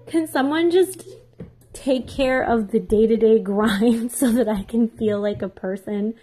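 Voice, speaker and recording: Rambling, self-deprecating mom vlogger. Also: female voice, fairly high pitch, measured pace, warm tone. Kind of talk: casual chat while baking.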